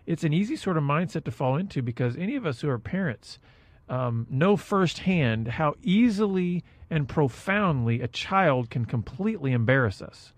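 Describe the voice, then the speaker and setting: A man's voice: on the high side, expressive, moderate pace, dry recording. A man co-hosting a faith-based discussion, thoughtfully posing long, searching questions. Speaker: co-host.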